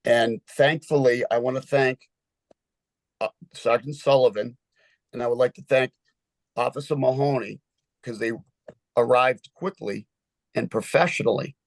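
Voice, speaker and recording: A man's voice: medium pitch, steady tone, unhurried, pauses often, dry recording. A man testifying as a witness at a hearing, urgent and emotional, close to tears and repeating himself.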